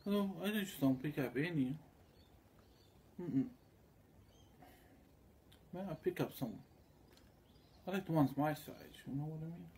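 A vlogger tells a rambling, casual story that wanders all over, crude in tone, as he slips into quick imitations of the people he met, quoting their voices. His voice is a little high yet mellow and warm, with a faint hum of background noise underneath.

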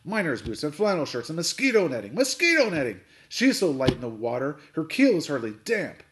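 A man's voice: medium pitch, lively intonation, normal speed, noisy background, lightly acted. A man voicing a blustering, hot-tempered old sea captain who roars and bellows. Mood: boastful. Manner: roaring, bellowing shouts.

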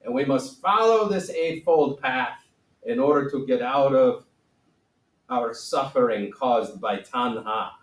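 A man's voice: mid-range voice, slow pace, natural voice. A man putting on a solemn ancient sage with a shaky accent. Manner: put-on foreign accent, broken grammar. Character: solemn wise ancient male sage teacher. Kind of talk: playful in-character lesson. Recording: roomy echo, mic at a distance.

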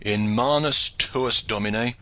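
A man's voice: medium pitch, takes it slowly, pushed and bright. A man reading an audiobook, voicing a portly, blustering male knight who complains wrathfully. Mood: hasty.

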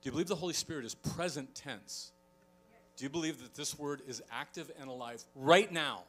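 A middle-aged man preaching a sermon as a pastor, telling stories with animated delivery and acting out quoted voices. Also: medium pitch, a little fast. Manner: animated storytelling, acts out quoted voices, chuckles often.

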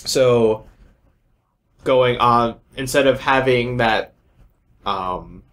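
A man's voice: medium pitch, drawn-out words, fairly bright tone. A young man hosting a podcast in casual chat, joking and wandering off on tangents. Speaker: podcast host.

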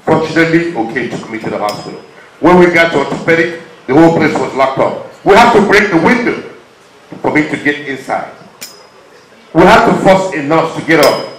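A man's voice: on the high side, expressive, normal speed, reverberant, rough recording. Impassioned Nigerian man on a stage. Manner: impassioned, swings from loud urging to quiet, choked-up. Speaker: performer speaking to an audience. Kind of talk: emotional testimony on stage.

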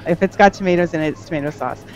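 A woman's voice: fairly low pitch, very fast, lo-fi sound, music in the background. A woman hosting a casual live-stream chat, talking in a wry, emphatic way and stretching her stresses.

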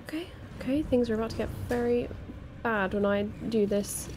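A woman's voice: on the high side, fairly quick, background noise. Jumpy woman gaming, swearing nervously. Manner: jittery, swearing, repeating herself when scared. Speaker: let's play gamer. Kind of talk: casual horror game commentary.

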